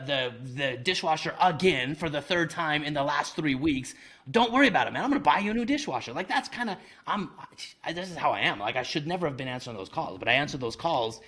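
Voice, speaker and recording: A man speaking as an interview guest, recounting his own missteps with candid, self-deprecating humor. His delivery is lively and conversational, peppered with casual slang, at a middle pitch for a man. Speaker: guest, real estate investor. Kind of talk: conversational storytelling.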